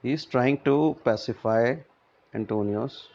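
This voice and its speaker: A man's voice: medium pitch, measured pace, vocal fry, darkish tone. A male teacher explaining a play line by line in plain words, often checking in with "right?". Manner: paraphrases each line, keeps asking "right?". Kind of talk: line-by-line literature lesson. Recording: dull lo-fi recording.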